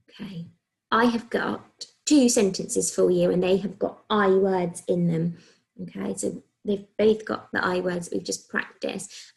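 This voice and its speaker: A mid-range female voice with an English accent carefully sounds out letters for young children. She's a primary school teacher delivering a recorded phonics lesson, speaking slowly and clearly.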